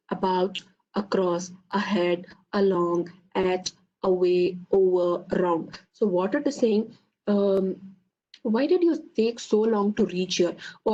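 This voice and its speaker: A woman's voice: mid-range voice, mellow, dull audio, slight background noise. A woman giving an online lecture, explaining step by step with many rhetorical questions and "okay"s. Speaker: teacher.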